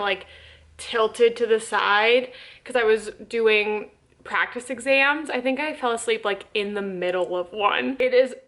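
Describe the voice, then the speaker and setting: A woman's voice: medium pitch, fairly bright tone. A woman in her twenties, a nursing student, talking casually to camera in a chatty, upbeat vlog with lots of "like" fillers. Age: 20s.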